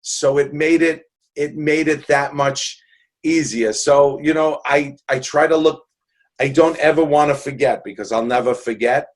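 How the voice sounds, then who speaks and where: A man's voice: fairly high pitch, steady tone, unhurried. A man in his sixties from New York City, telling stories in an interview in an earnest, joking way with many restarts. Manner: earnest, jokey, rambling with restarts. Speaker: guest. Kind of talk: casual interview storytelling.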